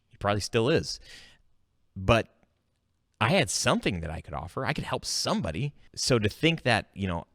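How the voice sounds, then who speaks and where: A man hosting his own podcast, telling stories in a casual, animated way and jumping up in pitch when he quotes himself. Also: no room sound, clean studio sound. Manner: animated storytelling, jumps high when quoting himself. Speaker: podcast host. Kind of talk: casual solo podcast monologue.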